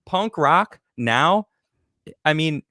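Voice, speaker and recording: A man hosting a casual political talk show, reading viewer comments and joking in an animated, emphatic way. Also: fairly high pitch, extremely slow, no echo, studio quality. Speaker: podcast host reading super chats.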